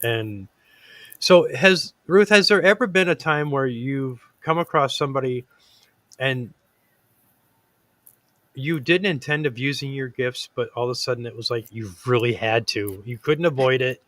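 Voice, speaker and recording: A man's voice: mid-range voice, unhurried, fairly bright tone, dry recording. A man hosting a casual talk show, earnest and rambling, with lots of fillers and restarts. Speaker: podcast host. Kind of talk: casual chat.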